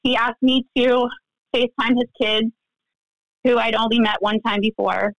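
A woman's voice: a little high, moderate pace, no room sound, rough recording. A woman telling a personal story in a casual interview, acting out the lines of the people in it. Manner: animated, acts out quoted dialogue. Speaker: guest, friend recounting events.

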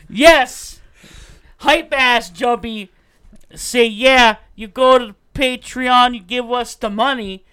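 A man's voice: extremely high pitch, slow pace, bright, forceful tone, clean tone. A man co-hosting a podcast, loosely joking through a donation plug in casual chat. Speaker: podcast co-host.

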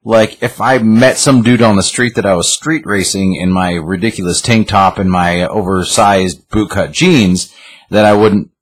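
A man chatting casually with friends, low-pitched and husky. He is animated and acts out his own reactions as he talks. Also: a little slow. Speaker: podcast co-host reviewing a comic. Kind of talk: casual chat.

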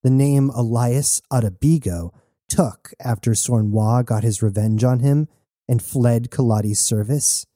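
A man reading a novel aloud as narrator in a steady storytelling manner. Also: medium pitch, measured pace, dry recording, studio quality. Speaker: audiobook narrator. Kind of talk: scripted narration.

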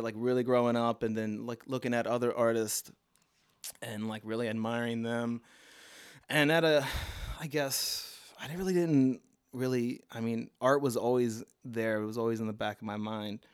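A man in his thirties with a Baltimore accent talks as a podcast guest. His voice is smooth and clear, sitting in a middle pitch. He rambles loosely through his stories with lots of fillers. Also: fairly even intonation, moderate pace. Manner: rambling, laid-back storytelling with many fillers and laughs. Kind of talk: casual podcast chat.

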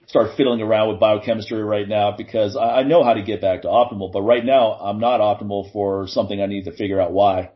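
A man's voice: on the low side, fairly even intonation, fast talker, hardly any pauses, highs cut off. A man in casual conversation, talking in an earnest, reflective and emphatic way.

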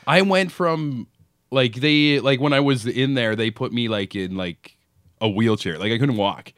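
A man's voice: medium pitch, a little slow, fairly bright tone, no echo, clean studio sound. A young man co-hosting a podcast, telling a casual story full of "like" and "um". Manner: laid-back, filler-heavy storytelling. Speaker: podcast co-host.

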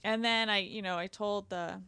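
A woman in casual conversation giving frank advice, chatty and quick to laugh. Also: mid-range voice, steady tone, sharp tone, smooth.

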